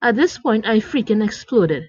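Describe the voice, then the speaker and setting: A woman's voice: a little high, animated, moderate pace, darkish tone, breathy edge, no room sound. A woman reading a story aloud with dramatic, indignant storytelling, in a dry, dull lo-fi recording. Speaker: story narrator.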